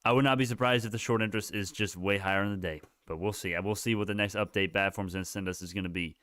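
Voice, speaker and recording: A man hosts a live market stream, talking through price moves as they happen. He rambles, restarts sentences and swears casually. His voice is smooth and clear, with a dry, close sound and no room echo. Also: on the low side, fairly even intonation, quick pace, fairly bright tone. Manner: rambling, self-correcting, profane. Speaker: livestream stock market host.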